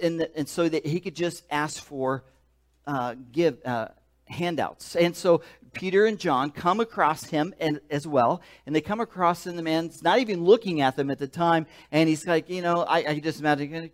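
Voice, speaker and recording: A male pastor with a slightly high voice preaches a sermon in an emphatic, animated way. He repeats words and restarts phrases as he builds his story.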